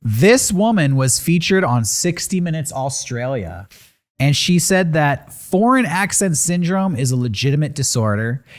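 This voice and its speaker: A man's voice: a little high, a little slow. A man co-hosting a casual podcast, telling odd news stories with sarcastic asides. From San Diego area. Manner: animated storytelling with sarcastic asides. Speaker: podcast co-host.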